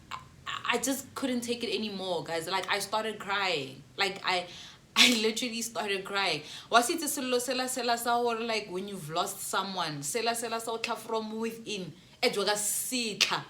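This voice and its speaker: Bright-voiced South African woman telling a story. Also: mid-range voice, normal speed, slight background noise. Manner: animated, mixes English with Sesotho slang, laughs often. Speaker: YouTuber. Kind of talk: storytime vlog.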